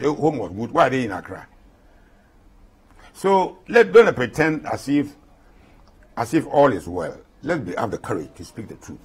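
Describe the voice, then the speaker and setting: A man's voice: mid-range voice, breathy edge. A man in his eighties with a Ghanaian accent, an interview guest speaking with passion and repeating points for emphasis. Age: 80s. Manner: impassioned, repeats himself for emphasis.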